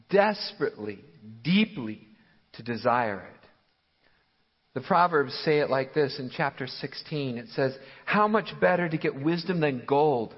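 A man preaching a sermon slowly and emphatically, asking the listeners rhetorical questions. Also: on the high side, slightly rough. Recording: muffled sound with long hall reverb.

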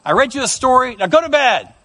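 A fed-up dad barking at his child to go to bed, loud and scolding, as a preacher acts him out. His voice pitches up in irritation. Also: big pitch swings, fast, exaggerated voice. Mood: irritated. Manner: gruff, scolding. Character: exasperated father watching sports.

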